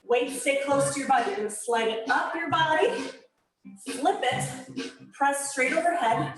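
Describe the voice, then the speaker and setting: A woman's voice: high voice, a little slow. A woman leading a live fitness class, talkative and encouraging, giving step-by-step cues and counting out reps. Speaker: fitness instructor. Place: echoey studio with music playing. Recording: very echoey room, music behind. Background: workout music.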